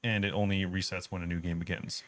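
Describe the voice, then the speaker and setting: Male co-host, lower voice, relaxed explainer, dry close sound. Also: quick pace, no room sound. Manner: explains game updates in detail, easygoing. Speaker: podcast co-host. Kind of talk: casual gaming podcast chat.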